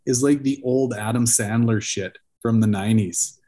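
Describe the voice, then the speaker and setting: A man's voice: mid-range voice, normal speed, mellow. A man, co-hosting a casual podcast and telling rambling, profane stories. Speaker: podcast co-host.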